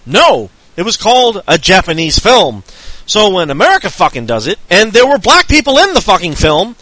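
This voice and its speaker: A man on a podcast launches into a profane, heated rant. His voice is high and bright, and it swings wildly up and down. The sound is dry and close. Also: huge pitch swings, moderate pace, no room sound, poor audio. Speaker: podcast co-host.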